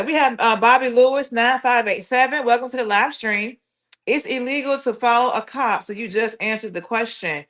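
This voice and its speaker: Woman, stream host, casual chat, reads comments aloud, slightly high voice. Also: a bit bright. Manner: chatty, addresses chat as y'all, reads usernames aloud. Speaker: livestream host. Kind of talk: casual live reaction stream, reading chat.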